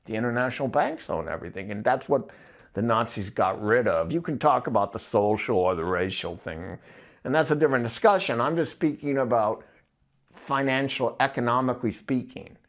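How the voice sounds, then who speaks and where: A man in casual podcast talk, rambling and blunt, his voice climbing high when he gets worked up. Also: expressive, brisk, gravelly. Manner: crude, blunt wording.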